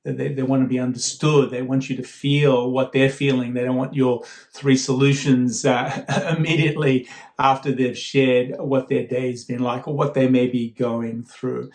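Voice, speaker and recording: A man giving a guest sermon in a relaxed, conversational way, often repeating words as he starts a thought. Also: mid-range voice, moderate pace, roomy sound. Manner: conversational, warm storytelling with frequent fillers and repeated starts. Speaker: guest speaker.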